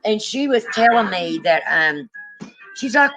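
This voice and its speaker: A woman co-hosting a livestream in casual chat, telling a long story and jumping up in pitch when she quotes people. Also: moderate pace, faint music behind, poor audio. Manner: animated storyteller, rises high when quoting. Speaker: livestream co-host.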